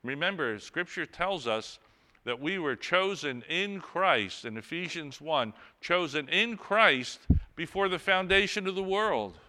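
A man's voice: fairly high pitch, lively intonation, unhurried, sharp tone, big-room sound. A man preaching a sermon, earnestly reading and explaining scripture with rising emphasis.

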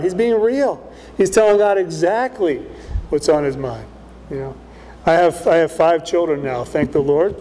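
A middle-aged male pastor delivers a sermon in a high, light voice. He talks plainly and conversationally, often tossing in a questioning "right?" to the congregation. His voice carries a long reverb from the church hall. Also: mellow.

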